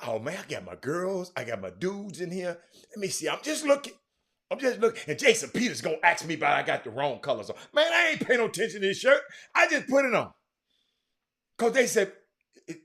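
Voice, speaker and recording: A middle-aged man, hosting a live sports talk stream in an animated way, full of fillers and repeats. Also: high voice, a little fast. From Houston, Texas. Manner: animated, talks straight to the chat, lots of fillers and repeats. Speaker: sports talk show host.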